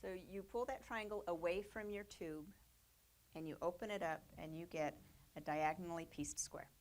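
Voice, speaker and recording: A woman with a lowish voice, speaking at a moderate pace, runs a casual quilting lesson in a studio. Her manner is chatty and upbeat, with fillers and little laughs, over a faint hiss or hum.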